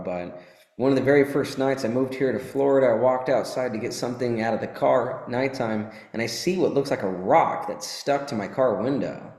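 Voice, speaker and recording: A man giving a casual, animated motivational talk to an audience, swearing and joking as he tells a fable. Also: medium pitch. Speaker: motivational teacher. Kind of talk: live motivational talk with storytelling. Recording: echoey hall.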